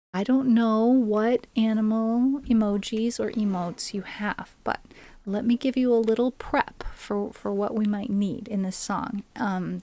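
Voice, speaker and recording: Between songs, this music streamer jokes and chats directly with her live audience while her ukulele sits in the background. She has a somewhat high, mellow voice.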